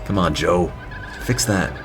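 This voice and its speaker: A man's voice: low voice, measured pace, a bit bright. A man from New Jersey giving dry, sarcastic commentary while playing a video game. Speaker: let's play commentator. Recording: game music behind the voice.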